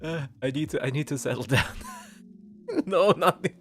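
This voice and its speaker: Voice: mid-range voice, moderate pace, faint music behind. A VTuber streamer in casual live-stream chat, caught in a helpless laughing fit and gasping out short exclamations between bursts. The throat is sore and the face aches from laughing.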